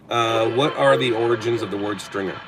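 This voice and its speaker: A middle-aged man from Southern California, hosting a casual live stream and answering viewer comments in a slow, deliberate, somewhat monotone way, with a light Southern Californian accent. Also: mid-range voice, noisy background. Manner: slow, deliberate dictation-like delivery he calls monotone. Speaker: livestream host.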